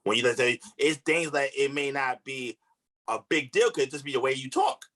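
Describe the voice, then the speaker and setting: Bright-voiced male coach giving earnest advice. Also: medium pitch, lively intonation, normal speed. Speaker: relationship coach guest. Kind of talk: casual podcast chat.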